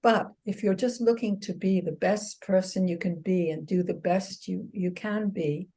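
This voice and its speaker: An American author and exercise therapist, appearing as a guest in a casual interview, reflects earnestly, with restarts and light laughs. Her voice is fairly low and mellow, at a normal speed.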